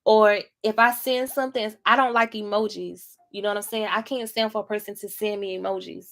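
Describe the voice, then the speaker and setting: A woman's voice: mid-range voice, fairly even intonation, fairly quick, a bit bright. Blunt, profane woman reading tarot. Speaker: tarot reader. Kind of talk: casual tarot reading to camera.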